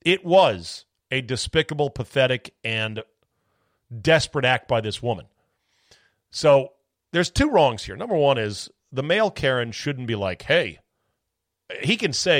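A man's voice: mid-range voice, sing-song, measured pace, no room sound, clean studio sound. A man hosting a solo sports talk podcast, ranting bluntly with profanity and sarcasm.

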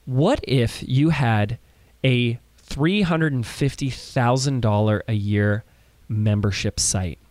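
A man's voice: mid-range voice, a little mellow, no echo. A man hosting a podcast in an upbeat, emphatic, friendly way, introducing his guests. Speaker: podcast host.

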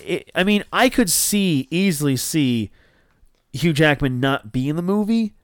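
A man's voice: a little high, lively intonation, unhurried, smooth, no echo. A man, co-hosting a podcast and telling a rambling, profane story full of restarts. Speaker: podcast co-host.

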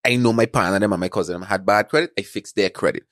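A man casually telling stories about fixing credit, acting out phone calls with excited, animated voices. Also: fairly low pitch, quick pace, no echo, studio quality. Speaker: credit repair entrepreneur, podcast guest. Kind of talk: casual storytelling chat.

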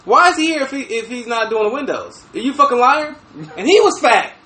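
A man with a very high, bright voice tells stories in a loose, profane, animated way. His pitch swings a lot as he talks. The room gives him a noticeable echo. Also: brisk. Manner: animated, profane, laughing storyteller. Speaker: podcast host. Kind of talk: casual chat, storytelling. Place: room with fireplace.

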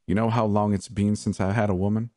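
A man's voice: little pitch movement, quick pace, dark tone, no echo, studio quality, close to an everyday voice. A man voicing a crude, leering male prisoner in an audiobook. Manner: crude and leering, turns to shrill screaming. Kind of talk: audiobook character voice.

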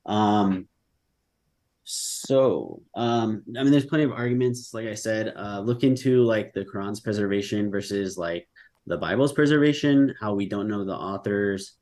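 A young man speaks in a fairly low voice, arguing his side in a casual online debate. His talk wanders and is full of "like", "um" and restarts. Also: measured pace, a little mellow. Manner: loose, filler-heavy speech with many "like"s and "um"s.

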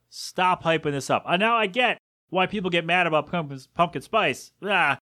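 Bright-voiced man ranting on a podcast. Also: medium pitch, no room sound, clean studio sound. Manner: ranting, exasperated, rambling asides. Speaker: podcast host. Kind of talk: casual solo podcast rant.

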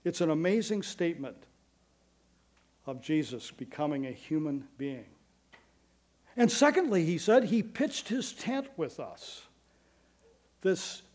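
A man preaching a sermon as pastor, earnest and emphatic, with quick asides and slow stressed phrases. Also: high-pitched, darkish tone.

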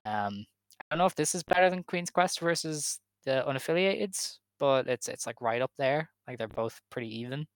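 A man's voice: medium pitch, expressive, moderate pace, clean tone, dry recording. A man co-hosting a wrestling podcast, recapping matches in casual chat, easygoing and hesitant with many fillers. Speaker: podcast co-host.

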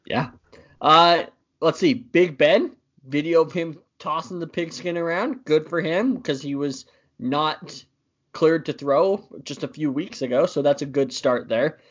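A man's voice: on the high side, unhurried, dull audio. A young man co-hosting a casual sports podcast, easygoing and teasing as he runs through news items. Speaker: podcast co-host.

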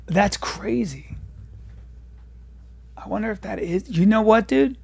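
A man's voice: sits high, slow, gravelly, darkish tone, slightly rough. A male podcast co-host in casual banter, stammering and defensive.

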